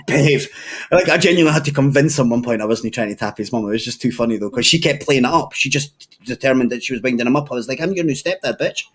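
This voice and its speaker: A man's voice: mid-range voice, quick pace, breathy edge. A young Scottish man telling crude stories in a casual chat, swearing freely and laughing often. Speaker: podcast regular.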